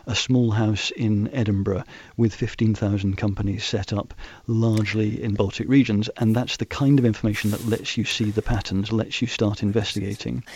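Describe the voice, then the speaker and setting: Low, husky man giving measured answers. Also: fairly even intonation, darkish tone. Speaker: guest expert on financial transparency. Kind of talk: radio interview answers.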